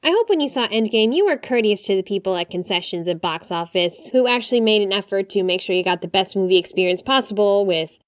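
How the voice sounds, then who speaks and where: A young woman hosting a podcast, talking in a chatty, animated way with quick apologies and asides. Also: mid-range voice, dry recording, clean studio sound. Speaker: podcast host. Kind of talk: casual podcast monologue.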